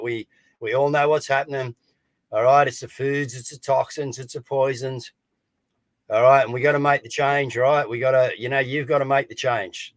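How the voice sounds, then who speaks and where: A man's voice: medium pitch, no room sound. A man co-hosting a live online news chat, speaking over a video call with a dry, close sound. He presses his viewers again and again, with lots of "all right?" and "guys". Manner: urging, repetitive, rallying the audience. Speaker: co-host of a live news talk show.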